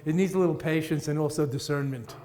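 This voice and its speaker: A man's voice: a little high, fast, mellow. Playful male teacher in echoey hall. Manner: playful, rhythmic, laughs at his own jokes. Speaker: Buddhist teacher. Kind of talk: dharma talk to an audience. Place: large meeting room with audience. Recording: echoey hall, roomy reverb.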